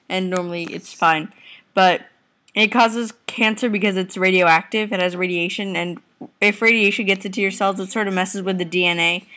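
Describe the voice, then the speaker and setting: A woman's voice: mid-range voice, bright, forceful tone. Teen girl vlogger, rambling and giggly, lying on a home couch, close webcam. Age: teens. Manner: rambling, giggly, talks to viewers and family off camera. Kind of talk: casual chatty video reply.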